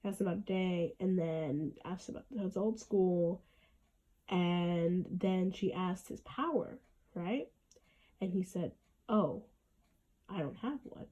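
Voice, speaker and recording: A woman hosts her own podcast in a casual monologue, speaking earnestly and reflectively and often restarting her sentences. Her voice is lowish, slow, and dark-toned, and the audio sounds dull.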